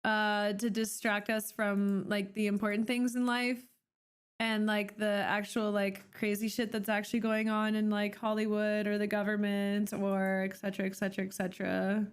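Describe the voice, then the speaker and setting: A woman's voice: medium pitch, monotone, normal speed, clear, resonant tone. A young woman from Canada chatting casually on a live stream, rambling with many fillers and restarts.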